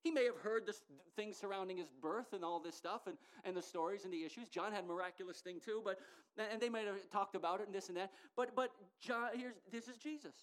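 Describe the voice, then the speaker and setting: A middle-aged woman preaching a sermon in an animated, emphatic way that builds to loud declarations. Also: medium pitch, quick pace.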